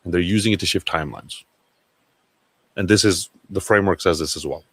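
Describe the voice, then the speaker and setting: A man's voice: low voice, brisk, slightly rough, dry recording. A man hosting a casual livestream, rambling and swearing as he talks to viewers. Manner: rambling, profane, excitable. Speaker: livestream host.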